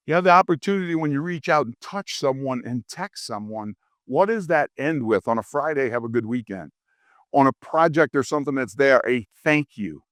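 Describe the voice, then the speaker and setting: A middle-aged man from Louisiana giving a humorous leadership keynote, a lively storyteller who acts out quoted voices. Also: medium pitch, a little fast, no room sound, clean studio sound. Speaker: keynote speaker. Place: conference stage.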